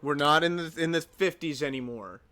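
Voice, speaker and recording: A man's voice: a little high, normal speed, bright, forceful tone. A man hosting a livestream, chatting casually and teasing his friends. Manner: joking, teasing. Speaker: streamer host.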